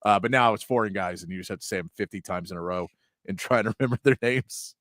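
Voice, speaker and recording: A man's voice: on the low side, fast talker, a bit bright, no room sound, studio quality. A man hosting a sports talk show, chatting casually with many asides and frequent laughs.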